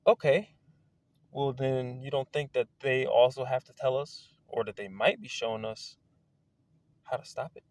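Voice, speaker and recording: A man in a casual, rambling monologue outdoors, excitable and wandering, swearing now and then. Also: mid-range voice, moderate pace, no echo. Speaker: video creator. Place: outdoors among trees.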